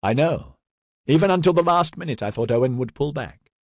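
A man reading the part of an older statesman who gives measured, fatherly counsel in an audiobook. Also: fairly high pitch, no echo, studio quality, voice pushed up. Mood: earnest. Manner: calm, deliberate counsel.

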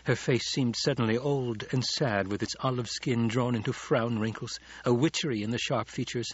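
Husky male audiobook narrator. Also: medium pitch, steady tone, normal speed, hardly any pauses, no room sound, dull audio. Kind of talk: scripted narration.

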